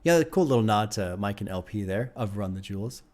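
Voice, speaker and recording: A man's voice: lowish voice, animated, brisk, darkish tone. A man hosting an album reaction, enthusiastic and laughing often, swearing freely as he talks. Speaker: music reaction host. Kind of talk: casual album reaction commentary.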